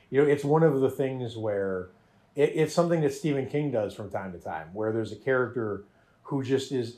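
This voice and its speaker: A man's voice: on the low side, a little mellow. A man hosting a podcast, chatting animatedly about a show with frequent laughs and restarts. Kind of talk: casual chat reviewing a show.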